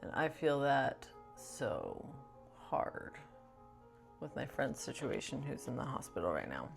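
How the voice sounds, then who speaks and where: Low, gravelly-voiced woman vlogging. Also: huge pitch swings, unhurried, over music. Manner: rambling, chatty, many "like" fillers. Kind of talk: casual chat to camera.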